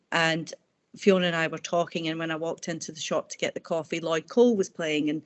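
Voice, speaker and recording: A woman author talking in a casual interview over a video call, telling personal stories warmly and restarting her sentences often. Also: sits low. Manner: warm, chatty storytelling with frequent restarts. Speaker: author guest.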